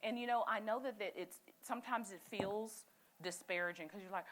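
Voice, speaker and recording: A woman leading a church group session, speaking in an animated, encouraging and direct way. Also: mid-range voice, a little fast. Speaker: session leader. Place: church meeting room.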